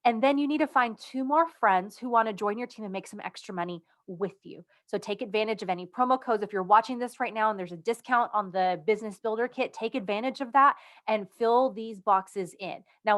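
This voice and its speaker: A woman's voice: mid-range voice, fairly bright tone. Upbeat woman coaching her sales team. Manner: upbeat, conversational, stresses key words. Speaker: direct-sales team leader. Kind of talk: casual instructional video.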